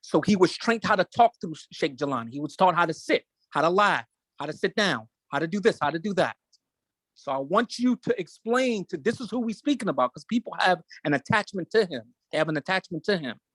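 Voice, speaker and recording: A man with a high voice holds forth as host, emotional and insistent. He hammers points home by repeating phrases in a preaching rhythm. The recording is dry, with no room sound. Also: expressive, brisk, fairly bright tone, no echo. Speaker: show host. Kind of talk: impassioned commentary.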